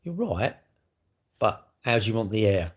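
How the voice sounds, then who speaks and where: A man's voice: on the low side, big pitch swings, a little slow, breathy edge. A middle-aged man livestreaming, telling blunt, sweary stories in casual chat to his viewers. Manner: blunt, swearing, chatty storyteller.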